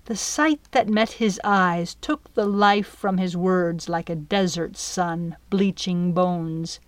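A woman narrating a children's adventure audiobook in a measured, expressive way. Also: on the low side, dry recording.

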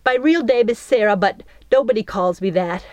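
A woman's voice: on the high side, moderate pace, darkish tone, dry recording, highs cut off, pitched above the performer's own voice, lightly acted. A shy, sweet seven-year-old girl, as a woman reading aloud puts her on. She speaks earnestly and a little timidly, her voice raised, in a close, dry recording.

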